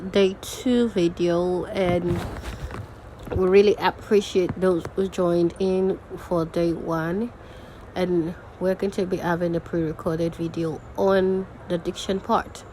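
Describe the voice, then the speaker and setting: A woman's voice: lowish voice, fairly even intonation, slow pace, mellow, a little hiss or hum, rough recording. A young woman teaching a recorded diction lesson, patiently repeating example words aloud. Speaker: diction and grammar tutor.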